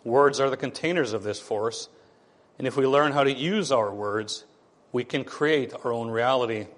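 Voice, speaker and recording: A man preaching a sermon, animated, acting out the voices of the people he quotes. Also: medium pitch, moderate pace, in a large hall.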